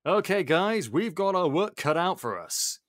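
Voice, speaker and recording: Man doing an anxious enchanted candlestick, pleading questions, a bit higher, dry sound. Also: very animated, unhurried, fairly bright tone, no echo, heavily acted.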